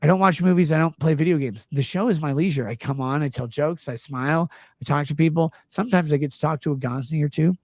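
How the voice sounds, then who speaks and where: A man's voice: on the high side, fast talker, darkish tone, dry recording. A man in his thirties hosting a casual live-stream chat, earnestly and defensively explaining himself at length. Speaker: show host.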